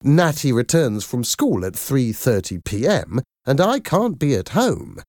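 A woman's voice: rumbling low, very animated, measured pace, darkish tone, no room sound, clean studio sound, pitched above the performer's own voice, heavily acted. A man voicing a firm, worried working mother. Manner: firm and apologetic.

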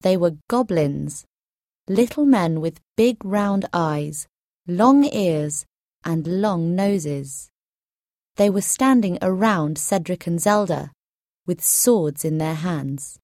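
A woman narrating a storybook in a slow, clear, deliberate reading. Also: fairly low pitch, dark tone, no echo, studio quality. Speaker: audiobook narrator.

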